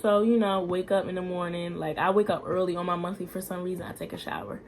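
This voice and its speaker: A young woman chats into her camera at home in a loose, rambling vlog style, leaning on "like" and "y'all". Her voice sits fairly low. A faint hiss runs under the recording. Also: steady tone, fast, darkish tone. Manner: chatty, frequent "like" and "y'all" fillers. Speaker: vlogger. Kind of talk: casual vlog chat.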